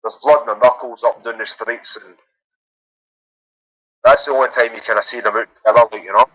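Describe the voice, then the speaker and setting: A man's voice: medium pitch, steady tone, fairly quick, fairly bright tone, no echo, low-quality recording. A man calling into a phone-in, chatting casually and often adding "like" and "you know what I mean". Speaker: caller.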